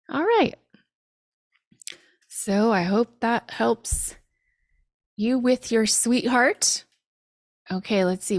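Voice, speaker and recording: A woman leads a live-streamed language class. She speaks in an unhurried, drawn-out way and keeps things chatty, laughing now and then at how phrases translate. The sound is dry and close, with almost no room around her. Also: mid-range voice, dry recording. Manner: chatty, laughs at literal meanings. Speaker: language teacher.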